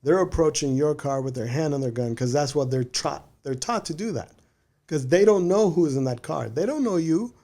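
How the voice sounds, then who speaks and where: A man's voice: on the high side, moderate pace, mellow. A man, a criminal defense attorney, patiently explaining legal rights in a casual podcast conversation and often checking in with "right?".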